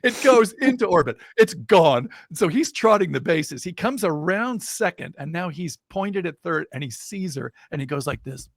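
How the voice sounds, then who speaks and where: A middle-aged man, a guest in a casual interview, telling an anecdote in an animated way and building suspense. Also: on the high side, moderate pace, gravelly, hardly any pauses, dry recording, studio quality. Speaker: guest storyteller.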